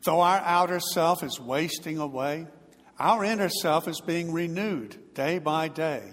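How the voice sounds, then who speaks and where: A man's voice: on the high side, unhurried, a bit bright. Man preaching in a reverberant church. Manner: dramatic storytelling with big swells in volume. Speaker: pastor. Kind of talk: sermon.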